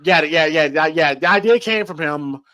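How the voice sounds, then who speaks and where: A man co-hosting a casual horror movie watch-along podcast, rambling and excitable, with lots of fillers and swearing. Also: on the high side, moderate pace, no room sound, low-quality recording. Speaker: podcast co-host.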